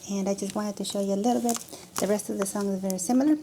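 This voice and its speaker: A woman with a mellow, gravelly voice walks her students through a music lesson. She demonstrates as she explains and often doubles back to restart her sentences. A faint hiss of background noise sits under her voice. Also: mid-range voice, fairly even intonation, racing. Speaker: mariachi music teacher. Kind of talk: instructional video lesson.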